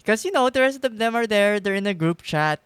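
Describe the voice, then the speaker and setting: Casual male streamer, light higher voice, chatty with laughs, dry close mic. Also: animated, fairly quick, fairly bright tone, smooth, no echo. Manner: chatty, laughs often, reads text aloud. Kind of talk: casual gameplay commentary.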